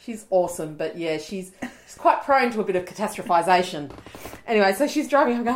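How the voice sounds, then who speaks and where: A woman's voice: mid-range voice, animated, a little fast, slight background noise, rough recording. A woman co-hosting a podcast, telling stories in casual chat and laughing often. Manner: chatty storyteller, laughs often. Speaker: podcast co-host.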